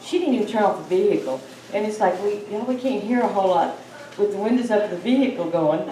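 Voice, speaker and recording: A woman's voice: mid-range voice, fast talker, dark tone. Woman, eager and admiring, chiming in at a symposium, roomy hall, distant mic. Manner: eager, admiring, repeats words. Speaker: symposium speaker. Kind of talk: adding to a shared story. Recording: echoey hall, distant mic, faint hiss.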